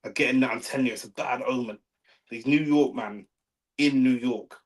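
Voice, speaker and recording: A man's voice: mid-range voice, normal speed, low-quality recording. A young man with a London accent, hosting a live fight watch-along and chatting casually with slang. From London, England. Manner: slangy, laid-back, swears, reads chat aloud. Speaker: livestream host.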